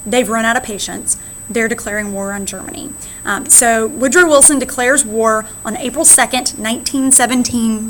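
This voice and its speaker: A woman's voice: a little high, a bit bright, slight background noise. A woman teacher with an American accent, explaining slides in a recorded lesson and often checking in with "right?". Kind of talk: recorded classroom lecture.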